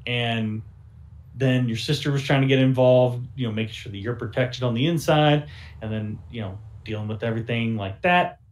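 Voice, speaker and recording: A man's voice: mid-range voice, moderate pace, lightly acted. A man voicing a wary middle-aged male gang member who rambles in a folksy drawl. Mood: uneasy.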